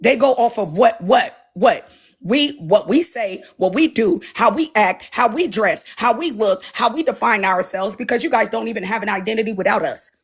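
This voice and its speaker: Panel speaker, woman, husky rough voice, emphatic lecturing tone. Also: fairly high pitch, moderate pace. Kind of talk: casual panel opinion.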